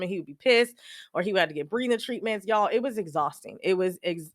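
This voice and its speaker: A woman's voice: on the low side, no room sound, clean studio sound. Candid young woman telling a hard story. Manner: emotional, candid, quotes others in animated bursts. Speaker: podcast host. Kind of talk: personal storytelling monologue.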